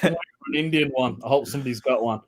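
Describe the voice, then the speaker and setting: A man hosting an online pun contest in a relaxed, casual way over a video call. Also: medium pitch, fast.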